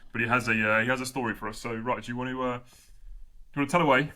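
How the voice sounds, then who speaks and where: A man with a bright, forceful voice hosts a casual podcast chat. He jokes and laughs easily as he keeps things moving. He is heard over a video call. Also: medium pitch, steady tone, racing. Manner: chatty, laughing, jokey. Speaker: podcast host.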